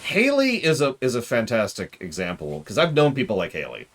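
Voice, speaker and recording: A man's voice: medium pitch, brisk. A man streaming a game, chatting casually and joking with his viewers. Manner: chatty, jokey, animated.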